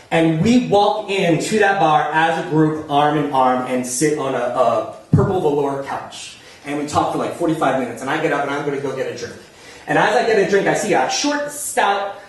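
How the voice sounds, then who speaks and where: A man from New Jersey telling a self-mocking comic story live on a small theater stage, chatty and laughing as he goes. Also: a little high. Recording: echoey room, voice from far off.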